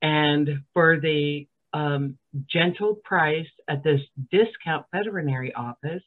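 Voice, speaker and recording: A woman's voice: sits low, takes it slowly. A woman from Alabama, a podcast guest telling a story in a dry, sardonic way. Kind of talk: casual storytelling on a comedy podcast. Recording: tinny phone-like line.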